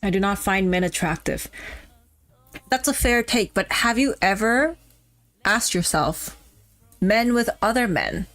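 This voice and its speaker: A woman VTuber streaming casually while a little tipsy, rambling off topic, swearing and laughing. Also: medium pitch. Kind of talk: casual livestream chat.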